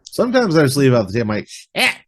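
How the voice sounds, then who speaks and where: A man hosting a podcast in casual chat, relaxed and rambling, filling his talk with "like", over a video call webcam. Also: mid-range voice, fast talker.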